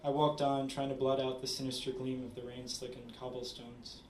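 A man reading his own short story aloud at a literary event, measured with small stumbles. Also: mid-range voice, little pitch movement, a little mellow, a little hiss or hum. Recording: roomy, distant audience recording.

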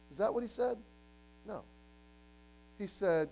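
Animated man preaching, high voice. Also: unhurried, gravelly, long pauses, faint music behind, low-quality recording. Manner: animated, acts out quoted voices, swings between loud and hushed. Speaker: youth pastor. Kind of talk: sermon.

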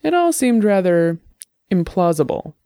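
A reader voicing a calm, wry male private investigator who questions people in a dry, level way. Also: mid-range voice, measured pace, no room sound, voice pushed up.

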